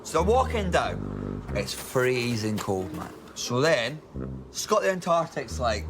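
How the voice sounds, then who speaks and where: A man, rambling drunk through a comic history story. He swears a lot and jumps into loud, silly character voices. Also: medium pitch, huge pitch swings, takes it slowly, creaky, noisy background.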